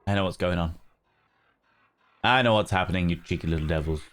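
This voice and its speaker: A man's voice: deep voice, brisk, fairly bright tone. A man chatting casually on a live stream in a flamboyant, theatrical, camp manner, reading out and thanking his chat.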